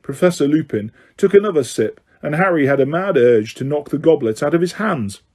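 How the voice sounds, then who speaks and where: Man narrating an audiobook, fairly high. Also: fairly quick. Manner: steady reading, occasional slips. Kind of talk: scripted narration.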